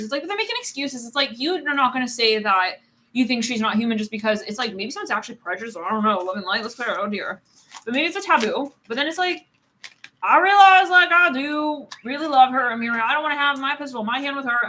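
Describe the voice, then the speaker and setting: A woman's voice: on the high side, bright, forceful tone, slight background noise. A woman giving a casual live tarot reading, rambling with many fillers, swearing and laughing often. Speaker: tarot card reader.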